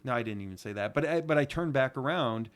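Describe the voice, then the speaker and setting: A middle-aged man from Ohio with a Northeast Ohio accent, co-hosting a podcast and telling a casual story as a youth softball coach, acting out the quotes. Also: mid-range voice, fast talker. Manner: animated, acts out quotes.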